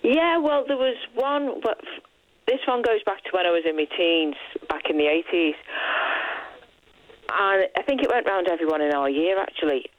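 Brief: animated woman in her fifties, phoning in, dry, close sound. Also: on the low side, moderate pace, dry recording, narrow, tinny audio. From Liverpool, England. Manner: chatty, animated storyteller. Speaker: caller.

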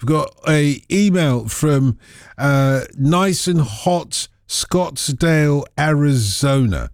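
A man's voice: mid-range voice, darkish tone, no echo, studio quality. A man hosting a radio phone-in show, playful and teasing with his guests in casual chat.

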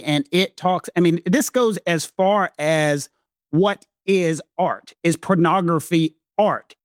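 A man's voice: high voice, no echo, clean studio sound. A man with a Southern American accent explaining legal points in a podcast discussion, emphatic and lecturing, repeating phrases for weight. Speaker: legal commentator co-host.

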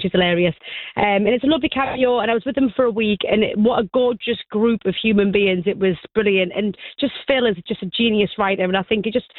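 Radio guest: quick, effusive woman, dry phone-line sound. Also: medium pitch, no echo. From North of England. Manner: bubbly, gushing, fast and effusive. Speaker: guest singer and actress. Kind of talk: chatty radio interview.

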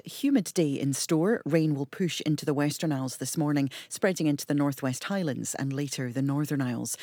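A woman reading the news and weather on radio in a measured, clear way. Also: low-pitched, a little mellow, no room sound. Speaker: newsreader and weather presenter. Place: radio studio.

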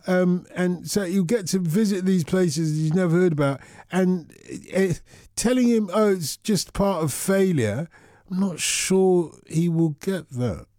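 A man's voice: high-pitched, a little slow, dark tone, dry recording, studio quality. A man hosting a radio phone-in, chatting casually with callers in a rambling, repetitive way. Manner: rambling, repeats himself, chatty.

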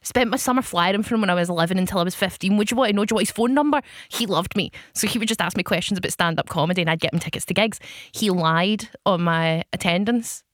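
A woman with a somewhat low voice chats as a podcast co-host, spinning self-deprecating stories and laughing often. The sound is close and dry, with no room around it. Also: fast talker, a bit bright, dry recording. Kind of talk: casual chat.

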